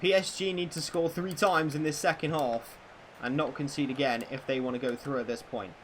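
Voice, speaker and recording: A man livestreams a football video game, commentating on the plays and chatting with his audience, quick to swear and shout in excited bursts. His voice is fairly high and a bit fast, with a slight hiss or hum underneath.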